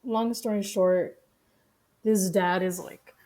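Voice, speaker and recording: A woman's voice: medium pitch, fairly even intonation, slow, mellow. A young woman streaming, casually reacting with profane, joking commentary.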